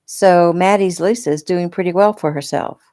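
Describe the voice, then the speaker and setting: A woman's voice: lowish voice, normal speed, dark tone, close to an everyday voice. A woman reading a blunt, dry rancher man.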